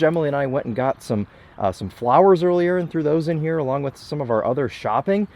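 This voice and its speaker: Young man, car reviewer, chatty and enthusiastic, mid-pitched voice, casual walkaround talk outdoors. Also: a little mellow. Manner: enthusiastic, chatty, self-deprecating asides.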